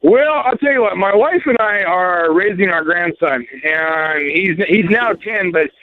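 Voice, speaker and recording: A man's voice: sits high, expressive, measured pace. An older man calling into a radio show, telling a story in a folksy, chatty way. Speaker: caller. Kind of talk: phone-in storytelling. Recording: phone line with faint hiss.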